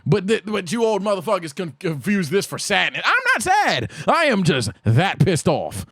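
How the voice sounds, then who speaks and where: A man reacting to an anime recap with casual, excitable and profane commentary, talking straight at the screen. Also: sits high, normal speed, slightly rough, dry recording, studio quality.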